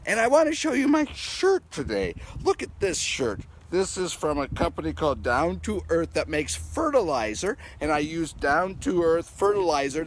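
Man pastor, children's message, playful and animated, swooping lively pitch, a bit high, faint traffic behind. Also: low-quality recording. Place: outdoors at his home garden. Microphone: handheld camera.

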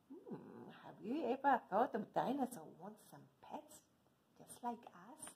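A woman children's librarian hosting a virtual story time, talking in a slow, sing-song way for young children. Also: a little high, sing-song, gravelly, darkish tone, a little hiss or hum. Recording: echoey room.

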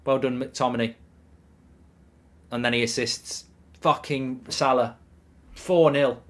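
A man reacting live to a football match as a fan, fuming and swearing, speaking haltingly. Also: mid-range voice, steady tone, a bit bright.

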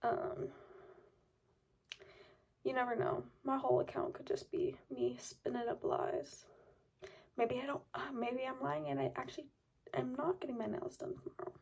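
Young woman vlogging from home, super husky + gravelly, kinda high voice, rambly and self-roasting. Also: fairly even intonation, moderate pace, long pauses, a little mellow. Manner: rambling, self-mocking, with sudden whispered asides. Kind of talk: casual chat to camera.

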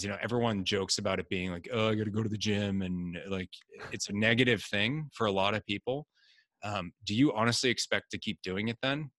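This middle-aged man talks in a casual, animated way as an interview guest and acts out the lines of people in his stories. His voice sits on the low side. The sound is dry and close, with little room echo. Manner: animated storyteller acting out quotes.

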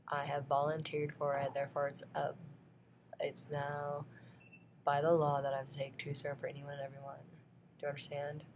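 A woman's voice: deep voice, noisy background. A woman talking straight to camera in a rambling vlog monologue, often breaking into laughs between phrases. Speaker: vlogger.

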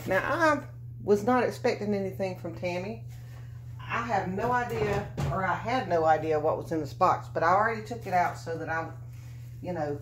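A woman's voice: lowish voice, a little hiss or hum. A woman, chatting in a craft vlog, gushing and emotional, close to tears. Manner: gushing, emotional, Southern "y'all". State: near tears. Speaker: craft vlogger. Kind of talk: casual video chat.

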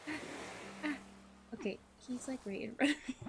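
High-voiced, gushing young woman gamer. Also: normal speed, pauses often. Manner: bubbly, gushing, squealing with delight. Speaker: gaming channel host. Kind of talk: casual let's-play commentary. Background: game music.

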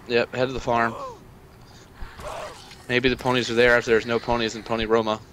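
Bright-voiced man, dry playful gamer. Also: medium pitch, flat delivery, moderate pace, slight background noise, low-quality recording. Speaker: co-player. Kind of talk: casual gameplay chat.

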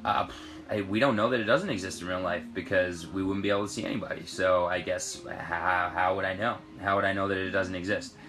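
A young man from Britain, an actor, reading fan questions aloud from his trailer and answering in a relaxed, rambling way. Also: low-pitched, fairly quick, soft background music. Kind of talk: casual live-stream Q&A. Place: trailer on a film set.

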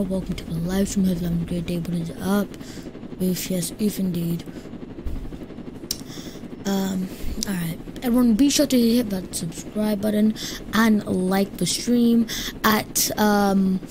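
Woman, live game streamer, casual chat, greets viewers, mutters asides, mid pitch, steady background noise. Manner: chatty, greets and thanks viewers, mutters "shoot" often.

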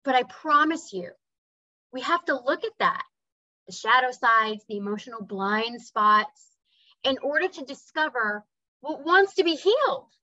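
A woman's voice: high-pitched, animated, measured pace, pushed and bright, no room sound. A woman sharing a personal story in a casual, earnest talk, now and then acting out voices and bird sounds. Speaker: spiritual speaker. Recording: slightly dull dry recording.

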